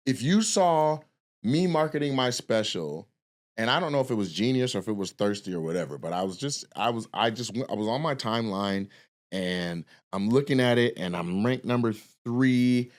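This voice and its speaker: Medium in pitch with lively intonation and a moderate pace, a male stand-up comic tells a long story on his podcast. The telling is loose and foul-mouthed, with plenty of rambling and restarts.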